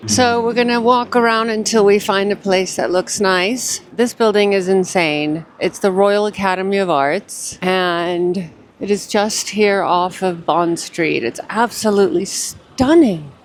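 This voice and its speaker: A woman's voice: medium pitch, measured pace, a little hiss or hum. A young adult woman vlogging to the camera, chatty and effusive, narrating her day while walking through streets and shops. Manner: chatty, effusive, calls viewers darling. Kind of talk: casual vlog narration to camera.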